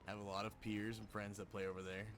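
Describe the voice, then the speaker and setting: A man's voice: fairly low pitch, little pitch movement, fast, noisy background. A male streamer chatting casually with viewers, laid-back and rambling, with frequent swearing.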